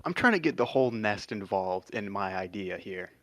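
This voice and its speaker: A man's voice: on the low side, lively intonation, normal speed, fairly bright tone, dry recording. A man speaking as a player in a tabletop game, casual and a bit hesitant, swearing often. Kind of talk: in-character tabletop play.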